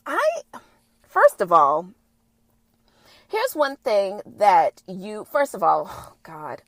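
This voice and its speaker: A woman's voice: mid-range voice, no echo. A woman hosting a podcast in casual, sassy, playful chat, stretching her words. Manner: sassy, playful, drawn-out delivery. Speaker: podcast host.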